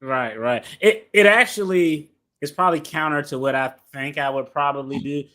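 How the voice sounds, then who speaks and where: A man with a fairly high, bright and forceful voice hosts a casual reaction commentary. He talks in loose slang and gets animated, often breaking into laughter. His delivery stays chatty and outspoken throughout. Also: normal speed. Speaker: attorney reaction host.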